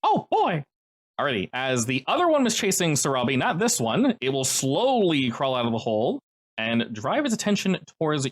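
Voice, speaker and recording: A game master runs tabletop combat with jokey asides and a playful streak, the pitch swinging widely from line to line. The voice sits at a middle pitch, and the narration never settles into a flat drone.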